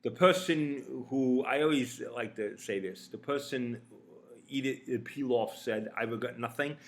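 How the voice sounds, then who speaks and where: A man's voice: mid-range voice, slow. A man talking to camera in a rambling, casual monologue, blunt and profane, with frequent restarts and fillers. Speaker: vlogger.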